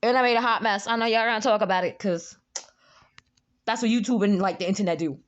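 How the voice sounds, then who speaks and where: A young woman telling a story in a casual vlog, animated, jumping up high for quoted lines, recorded on a phone. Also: fast, highs cut off. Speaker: vlogger. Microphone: phone camera.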